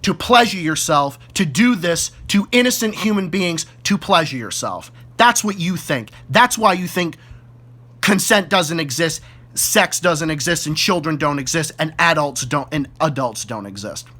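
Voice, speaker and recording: A man's voice: a little high, lively intonation, unhurried, pushed and bright. A man with a Boston accent delivering an angry, profane rant straight at the camera, hurling repeated insults. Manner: furious, profane, repetitive insults. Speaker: YouTube ranter.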